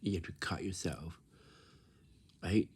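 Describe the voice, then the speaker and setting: A man's voice: low-pitched, steady tone, slow, breathy edge. A man talking casually in a rambling way, repeating himself and coaxing his listener with questions. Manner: repetitive, coaxing questions with many restarts.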